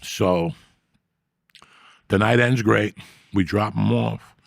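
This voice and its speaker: A man with a low, gravelly voice tells crude, profane stories in a loose, chatty way, slipping into the voices of the people he quotes. The sound is close and dry. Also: takes it slowly, no room sound. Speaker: storyteller guest. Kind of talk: casual storytelling chat.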